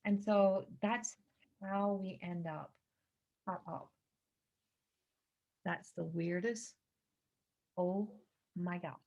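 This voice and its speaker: A woman gives an astrology reading from home in a mid-pitched voice, earnest and rambling, leaning hard on her points. The sound is a little dull and lo-fi, as if from a computer camera mic. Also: extremely slow, vocal fry, pauses often, a little mellow. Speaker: psychic reader. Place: indoors at home by a window. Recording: slightly dull lo-fi recording.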